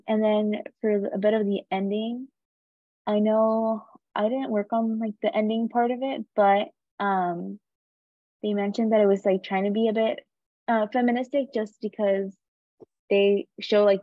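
A woman's voice: mid-range voice, flat delivery, unhurried, no room sound. A young woman student speaking in class, hesitant and filling her speech with ums and likes. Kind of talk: class discussion. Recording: dull lo-fi, dry sound.

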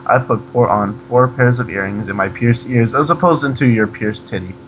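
A man giving a comedic reading of a fan fiction, deadpan, breaking off to mock the text. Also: medium pitch, moderate pace, slight background noise, poor audio.

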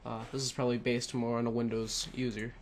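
A man's voice: mid-range voice, level tone, fast, slight background noise. Rambling man narrating a screen tutorial. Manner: rambling, many fillers and self-corrections. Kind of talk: casual screen-recorded tutorial. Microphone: headset.

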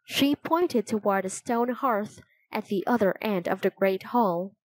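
A woman reading a children's chapter book aloud, telling it slowly and clearly. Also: mid-range voice, no echo, rough recording. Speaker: storybook narrator.

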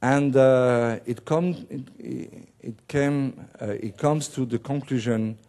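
Male missionary pastor, slow delivery, mellow tone, halting sermon with gentle humor. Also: mid-range voice. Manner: halting, with many restarts and fillers. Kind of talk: sermon with light joking. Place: church service.

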